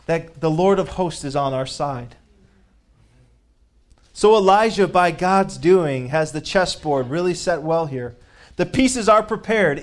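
A man delivers a sermon in a voice pitched somewhat high for a man. He reads scripture aloud with emphasis, lifting his voice on the key phrases. He often repeats words as he builds toward a point. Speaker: preacher.

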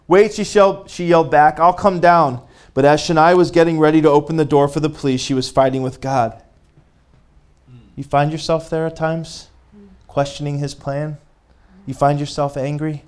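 A man preaching a sermon, reading a story aloud and pausing to speak directly to his congregation, growing fervent. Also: a little high, fairly even intonation, darkish tone, clear, resonant tone.

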